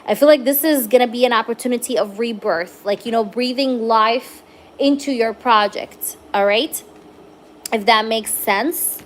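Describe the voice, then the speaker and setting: A woman's voice: a little high, normal speed, a little hiss or hum. Chatty reassuring woman reading tarot. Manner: chatty, reassuring, full of fillers and "okay?" checks. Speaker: tarot reader. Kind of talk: live-stream tarot reading.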